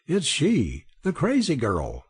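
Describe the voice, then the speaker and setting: A man voicing a gruff, impatient middle-aged country landowner. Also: mid-range voice, wildly swooping pitch, takes it slowly, heavily acted. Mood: irritated. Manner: blustering, impatient.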